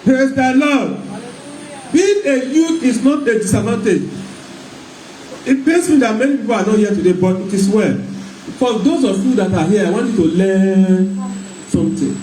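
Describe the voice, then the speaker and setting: A man's voice: high-pitched, expressive, normal speed, long pauses, dark tone. A man with a Nigerian accent preaching a sermon in rhythmic call-and-response style. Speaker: pastor. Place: church hall. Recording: echoey hall, mic far off, faint noise.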